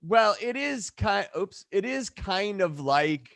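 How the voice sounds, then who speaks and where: Halting, stammering man, director guest. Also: sits high, animated, creaky, fairly bright tone. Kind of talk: casual interview chat.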